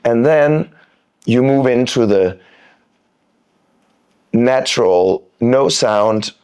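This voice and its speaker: A man coaching breath technique on a podcast, calm and demonstrative, drawing words out as he explains. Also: mid-range voice, very slow, clear, resonant tone. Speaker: freediving coach, guest. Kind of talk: instructional podcast talk.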